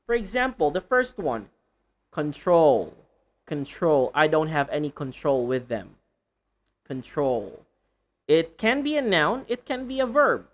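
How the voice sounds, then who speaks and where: A male English teacher giving a pronunciation lesson. He talks slowly and deliberately, repeating each word several times so learners can copy it. His tone stays light and a little playful. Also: fairly high pitch, very animated.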